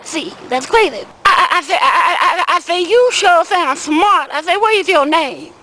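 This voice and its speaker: Uncle Dan, a woman doing a high-voiced rambling old man. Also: lively intonation, moderate pace, sharp tone, full character voice, low-quality recording. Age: older. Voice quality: folksy, rambling, repeats "I said" and "see". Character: older Southern man, rambling small-time weed seller. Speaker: comic character monologue. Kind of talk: comedic storytelling in character.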